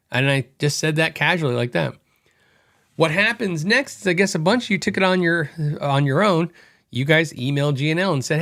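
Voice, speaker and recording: A middle-aged man hosting a podcast, telling a story in a chatty, animated way and acting out quoted dialogue. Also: a little high, fairly quick. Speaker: podcast host. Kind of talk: casual storytelling monologue.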